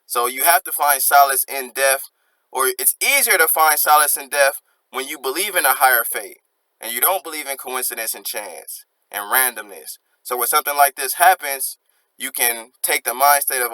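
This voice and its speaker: A man's voice: a little high, lively intonation, moderate pace, sharp tone, no echo, poor audio. A young man casually breaking down rap lyrics, reflective and earnest, dropping slang and reciting lines as he goes. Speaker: music reaction host.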